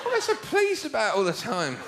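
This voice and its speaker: Sardonic comic, lively voice. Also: male voice, very high-pitched, a little fast. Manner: sardonic, mocking, breaks into shouted mimicry. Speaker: stand-up comedian. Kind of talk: stand-up routine. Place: theatre stage before a live audience. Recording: live show with loud audience noise.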